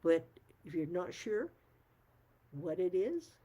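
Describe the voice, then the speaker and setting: A woman's voice: fairly low pitch, very animated, slow pace, dark tone, breathy edge. A middle-aged woman talking frankly to her viewers, emphatic, swearing at times and laughing often. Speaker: channel host. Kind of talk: casual talk to camera.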